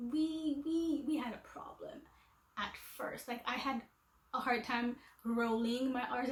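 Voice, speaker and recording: A woman's voice: a little high, roomy sound, rough recording. A woman vlogger chatting casually and self-deprecatingly to camera, laughing at herself.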